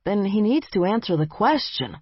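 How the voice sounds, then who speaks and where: A woman's voice: medium pitch, sing-song, moderate pace, breathy edge, no echo, dull audio, voice pushed up. A woman voicing a bossy, impatient young man who acts as a magic warden, in an audiobook. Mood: commanding. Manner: demanding, impatient. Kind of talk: audiobook character voice.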